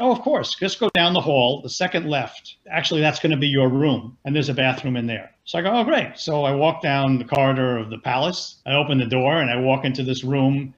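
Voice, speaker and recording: An older man, a seasoned film producer, recounts an anecdote, acting out the dialogue with lively energy. His voice sits a little high. The recording is somewhat dull and lo-fi. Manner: animated storyteller acting out dialogue. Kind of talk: anecdotal storytelling.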